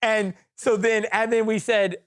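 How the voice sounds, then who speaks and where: A man co-hosting a podcast, telling stories in casual chat, animated and laughing often, with frequent restarts. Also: sits high, a little slow, clear, resonant tone. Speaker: podcast co-host. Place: podcast recording room.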